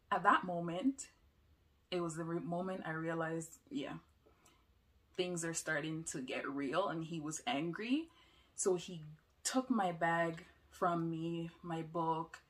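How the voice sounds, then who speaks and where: A young woman telling a personal story in an emotional, halting way. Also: fairly low pitch, fairly bright tone. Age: young adult.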